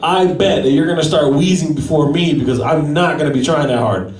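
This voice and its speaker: A man's voice: on the high side, fairly quick, darkish tone. Guy doing stand-up at an open mic, roasts himself, talks to the crowd, echoey and a bit far off. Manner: self-deprecating, chatty with the crowd. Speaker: stand-up comedian. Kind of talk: stand-up comedy set. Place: small gallery venue at an open mic. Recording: echoey room from a distance.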